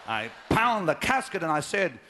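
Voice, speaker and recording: A middle-aged preacher telling a personal story in a sermon, dropping to a hush and then rising to shouts. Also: male voice, fairly high pitch, big pitch swings, normal speed, a little hiss or hum. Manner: dramatic, swings from hushed to shouting.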